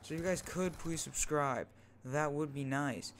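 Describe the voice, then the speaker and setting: A man's voice: on the high side, moderate pace, a little hiss or hum. A young man vlogging a casual story, rambling and often adding "like" and "right?" into a new microphone. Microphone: first microphone, home setup.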